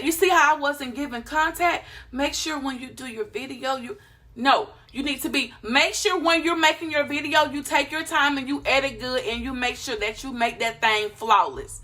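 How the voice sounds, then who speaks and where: A woman giving casual YouTube channel advice, animated and playful, acting out quick voices of others. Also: high voice. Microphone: phone camera.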